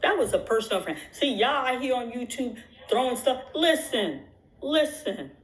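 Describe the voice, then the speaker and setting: A woman's voice: on the high side, expressive, normal speed, roomy sound, rough recording. A woman talking straight to her viewers in casual commentary, emphatic and repetitive, with frequent restarts. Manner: emphatic, repeats phrases, many restarts. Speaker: YouTube commentator. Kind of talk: casual talk to the camera.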